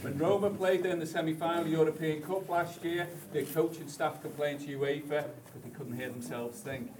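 A man's voice: fairly high pitch, steady tone, normal speed, a little mellow. A man guiding a stadium tour, telling it with dramatic, building storytelling. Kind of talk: guided tour talk. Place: indoor stadium corridors and tunnel. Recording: echoey halls, voice from a distance.

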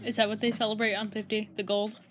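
A woman's voice: mid-range voice, little pitch movement, fast talker, a little hiss or hum. A young woman chatting casually as a podcast co-host, laughing often and sometimes losing her thread. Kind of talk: casual chat.

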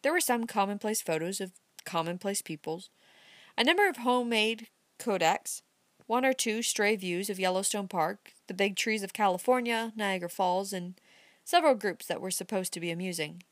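Woman audiobook narrator, lively intonation, dry close recording. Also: mid-range voice, normal speed, dry recording. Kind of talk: scripted narration.

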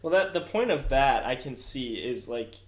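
A young man on a casual podcast, swearing easily as he tells stories. His voice has a middle pitch and an unhurried, conversational flow. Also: animated. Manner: laid-back, profane storyteller. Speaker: podcast co-host. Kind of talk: casual chat, storytelling.

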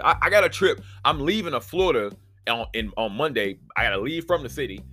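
A man's voice: medium pitch, lively intonation, fairly quick, sharp tone, soft background music. A man hosting a solo podcast, telling a story in a profane, exasperated rant. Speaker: podcast host.

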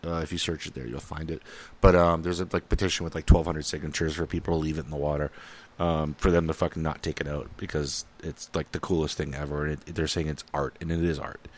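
A man from Minnesota with a very deep voice, co-hosting a loose, casual podcast. He rambles and swears freely, laughs often and fills his sentences with "uh" and "um". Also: level tone, quick pace. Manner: rambling and profane, laughs often, frequent fillers. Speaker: podcast co-host. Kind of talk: casual chat.

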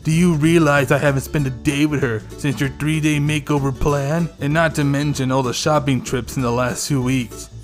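A man voicing a possessive, brooding young vampire man, speaking slowly and insistently in a fan story reading. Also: on the high side, fairly even intonation, soft background music, lightly acted. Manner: slow, deliberate, insistent.

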